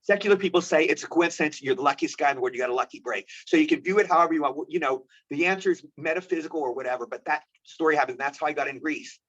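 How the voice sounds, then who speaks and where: A man from the United States, an actor, telling animated anecdotes as an interview guest. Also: fairly high pitch, very fast, few pauses. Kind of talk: storytelling interview. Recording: dull lo-fi audio.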